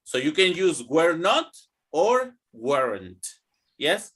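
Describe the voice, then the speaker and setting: A man's voice: a little high, sing-song, takes it slowly, fairly bright tone, slightly rough. A young man teaching an English grammar class, drilling students to repeat after him. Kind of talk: online classroom lesson.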